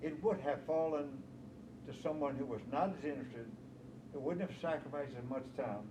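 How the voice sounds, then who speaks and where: An older man spins bridge-table anecdotes, chuckling as he goes. He sounds distant in a roomy, echoing space with clear background noise. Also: fairly high pitch, moderate pace. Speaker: bridge organizer. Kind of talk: casual storytelling chat. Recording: echoey room heard from far off with noise.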